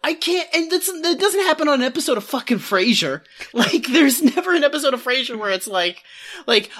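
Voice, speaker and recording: A woman's voice: sits high, sing-song, a little fast, a bit bright. A woman co-hosting a podcast, talking casually with lots of "like" fillers and sarcastic exasperation. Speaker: podcast co-host. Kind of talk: casual chat.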